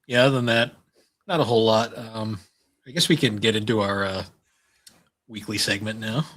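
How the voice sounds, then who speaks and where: A man co-hosting a casual podcast chat, laid-back and hesitant, with a husky voice. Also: on the low side, steady tone, normal speed, fairly bright tone. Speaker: podcast co-host.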